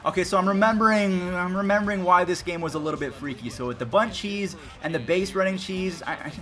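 Excitable young man with a bright voice. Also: high-pitched. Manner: excitable, chatty, quick reactions. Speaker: gaming YouTuber. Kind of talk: gameplay commentary.

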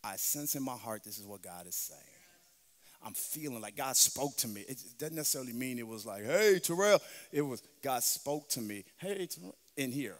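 A man preaching a sermon as pastor, moving between chanted, shouted passages and quiet, close teaching. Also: mid-range voice, brisk. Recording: long reverb of a large hall.

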